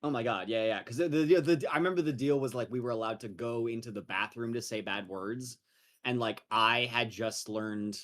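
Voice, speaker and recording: A man's voice: mid-range voice, brisk, a bit bright. A man guesting on a live stream, chatting casually and telling stories with many restarts. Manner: rambling, self-interrupting storyteller.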